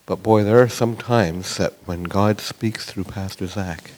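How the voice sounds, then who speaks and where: Slow, low-voiced man giving a testimony. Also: darkish tone, a little hiss or hum. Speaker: church member giving a testimony. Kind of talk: testimony to a congregation.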